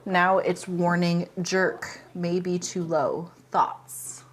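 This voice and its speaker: A woman's voice: fairly low pitch, little pitch movement, drawn-out words. A woman co-hosting a casual livestream, reading viewer comments aloud with a playful, teasing manner. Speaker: co-host reading chat.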